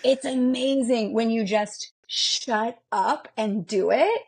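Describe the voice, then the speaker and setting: A woman who fights and bodybuilds, a guest on a podcast, telling stories in a candid, self-mocking, animated way. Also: fairly high pitch, slow, breathy edge. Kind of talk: casual interview chat.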